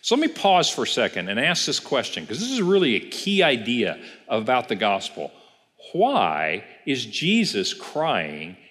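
A man's voice: a little high, fairly bright tone. A man pastor giving a casual Bible class, telling the story and asking the class questions. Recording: reverberant church hall.

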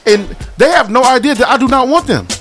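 A man's voice: very high voice, brisk, soft background music. A man co-hosting a talk show, debating in casual chat and acting out other voices as he argues. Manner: animated, acts out other voices while arguing.

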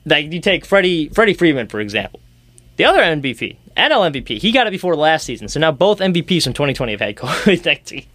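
A man's voice: fairly high pitch, very animated, fast talker, bright, forceful tone, no room sound. A young man hosting a casual sports talk show, rambling and ranting with sarcastic jabs. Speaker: sports podcast host.

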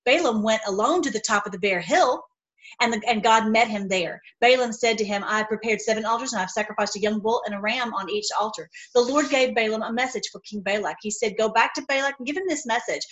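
A woman's voice: a little high, fast, a bit bright, poor audio. A woman reading Bible passages aloud and breaking off into fervent, rambling commentary. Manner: fervent, rambling asides, says y'all. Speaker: online Bible teacher.

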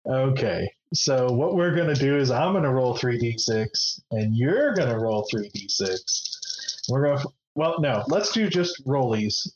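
A man acts as game master for a tabletop game and explains the rules in a relaxed, easygoing way. He talks slowly at a middle pitch. His voice comes through slightly dull and muffled. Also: a little hiss or hum.

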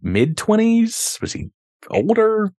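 A man co-hosting a podcast, chatting about a film in a relaxed way, laughing often and hesitating with fillers. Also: high-pitched, slow pace, no room sound, studio quality. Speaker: podcast co-host. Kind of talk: casual film-review chat.

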